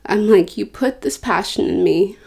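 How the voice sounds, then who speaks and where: A young woman hosting a podcast, talking about her own life in a personal, reflective way. Her voice is warm and mellow at a middle pitch, and she speaks earnestly with feeling, sometimes acting out her own prayers. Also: moderate pace, gravelly, slightly rough. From Northern California. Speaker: podcast host.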